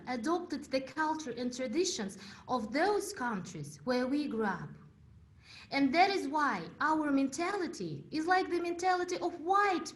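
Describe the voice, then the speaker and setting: Lively high-voiced woman giving a speech. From Uzbekistan. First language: Russian. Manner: storytelling with dramatic pauses. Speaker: contest speaker. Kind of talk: prepared public speech.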